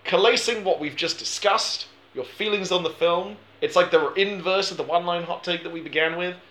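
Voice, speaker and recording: A man's voice: sits high, brisk, a bit bright, reverberant. A man hosting a casual film podcast, rambling and joking with frequent laughs. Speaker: podcast host.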